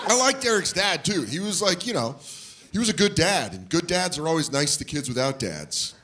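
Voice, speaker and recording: A man's voice: on the high side, normal speed. A man doing stand-up comedy, telling a story and acting out the people in it. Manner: animated, acts out voices of people in his stories. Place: comedy club stage with audience laughter. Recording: live club recording with audience noise.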